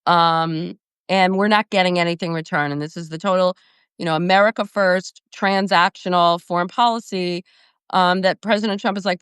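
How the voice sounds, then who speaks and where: Woman host, political commentary, brisk analytical delivery, lowish smooth voice, video call. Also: fairly even intonation, fairly bright tone, dry recording, clean studio sound. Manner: brisk and analytical, with frequent fillers.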